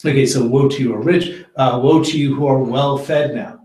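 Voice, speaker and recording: Male pastor, casual Bible-study teacher, chatty and halting, mid-pitched, roomy echo. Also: fairly even intonation, warm tone. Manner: conversational, many fillers and restarts. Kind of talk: informal Bible teaching with discussion.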